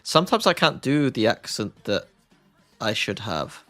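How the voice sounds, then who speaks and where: A man's voice: mid-range voice, very animated, unhurried, pushed and bright, faint music behind. A man casually chatting and joking with his live-stream chat while watching an esports broadcast, rambling and arguing back.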